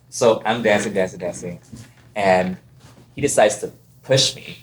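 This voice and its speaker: His voice is on the low side and unhurried, with a little hiss or hum in the background. He's from Ontario, Canada, a podcast guest who tells casual stories with animation, voicing the other people in them.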